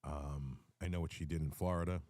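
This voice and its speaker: Male host, low and mellow voice, rambling political rant with ums and restarts, hiccups, dry close sound. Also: fairly even intonation, brisk, no room sound. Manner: rambling, repeats words, frequent ums and restarts. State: has the hiccups. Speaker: host of a live audio space.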